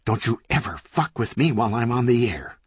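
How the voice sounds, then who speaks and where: A man voicing a pushy, sharp-tongued female TV newswoman with a brisk on-air delivery, raised well above his own pitch. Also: lively intonation, breathy edge, no room sound. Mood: threatening.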